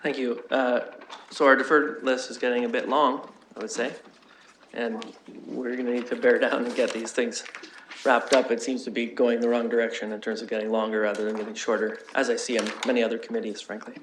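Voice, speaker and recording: A man's voice: mid-range voice, flat delivery, a little fast. A man on a council committee making blunt remarks at a meeting in a council chamber. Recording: roomy chamber with audible noise.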